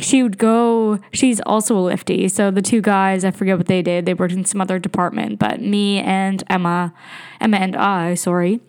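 A woman's voice: mid-range voice, darkish tone. A young woman hosting a podcast, telling a rambling, casual story, swearing freely and laughing often. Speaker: podcast host.

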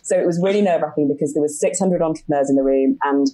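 Low husky British woman chatting. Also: very fast, warm tone, rough recording. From Britain. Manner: chatty, candid, laughs often. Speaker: podcast guest, entrepreneur. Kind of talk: casual interview chat.

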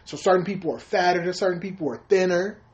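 A man's voice: high-pitched, quick pace. A man co-hosting a casual podcast chat, explaining at length with crude joking. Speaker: podcast co-host.

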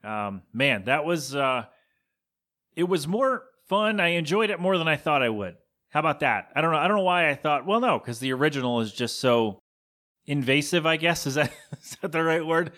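A man's voice: fairly high pitch, animated, moderate pace, sharp tone. Rambling, self-mocking podcast host man. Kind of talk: casual podcast chat.

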